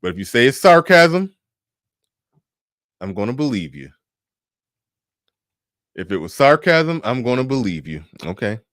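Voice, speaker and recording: A man's voice: medium pitch, very animated, unhurried, long pauses, a bit bright, no echo, clean studio sound. A man giving a blunt, profane reaction commentary, talking animatedly and laughing often.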